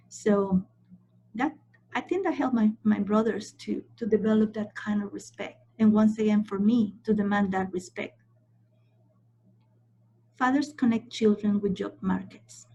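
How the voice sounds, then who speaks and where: A woman leads a training session in a mellow, slightly husky voice, leaning on each point and often pausing to ask "okay?". The sound is a little dull and lo-fi. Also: mid-range voice. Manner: emphatic, repeats points and checks in with "okay?". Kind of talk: training lecture.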